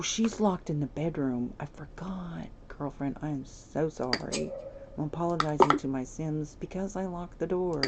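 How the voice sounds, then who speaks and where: A woman streaming a life-sim game, chatty and giggly, talking straight to her viewers, over steady background noise. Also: low voice. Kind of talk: casual gameplay commentary.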